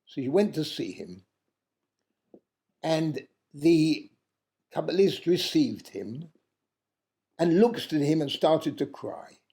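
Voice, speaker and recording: A man telling a traditional tale aloud in an unhurried way, pausing often and stopping now and then to correct himself. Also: a little high, big pitch swings, warm tone. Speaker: storyteller. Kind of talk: oral storytelling of a traditional tale.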